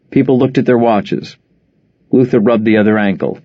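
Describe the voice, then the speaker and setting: A man narrating an audiobook in a measured, even storytelling manner. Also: lowish voice, dry recording. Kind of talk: scripted narration. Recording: dull lo-fi dry recording.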